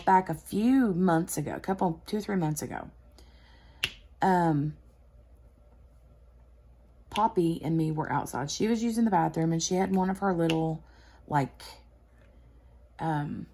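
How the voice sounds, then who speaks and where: A woman's voice: on the low side, a little slow, long pauses, dark tone, slight background noise. A woman hosting a craft chat video, telling a rambling story full of fillers and restarts while she works. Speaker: craft channel host.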